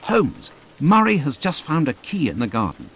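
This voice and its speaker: A loyal companion for a game: earnest, expressive, light music beneath. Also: male voice, fairly high pitch, moderate pace, heavily acted. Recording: game audio under music.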